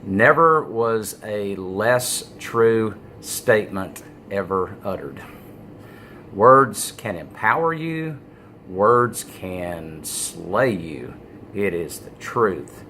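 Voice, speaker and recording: A man talks to camera in a loose, unscripted way, stopping often on "uh" and punching the words that matter. His voice sits low, and he takes his time. A faint hiss runs under the recording. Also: lively intonation, bright, forceful tone. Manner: halting, many "uh" fillers, stresses key words. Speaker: business vlogger. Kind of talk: casual talking-head monologue.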